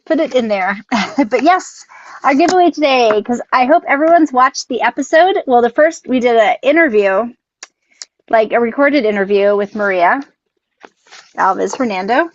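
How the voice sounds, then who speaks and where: A woman's voice: on the high side, expressive, normal speed, a little hiss or hum. A woman co-hosting a casual live stream, rambling, laughing often and tripping over her words. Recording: dull, dry lo-fi sound.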